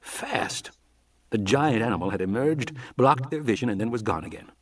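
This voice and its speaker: A man's voice: medium pitch, expressive, fairly quick, distant mic. A man narrating a novel as an audiobook reader, telling the story expressively. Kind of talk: scripted narration.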